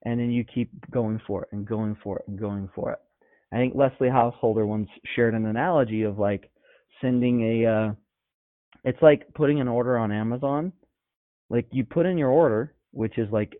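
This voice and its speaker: A man's voice: medium pitch, normal speed, no room sound. A man giving an emphatic, conversational motivational coaching talk to his clients, with many rhetorical questions. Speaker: business coach. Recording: tinny phone-like sound.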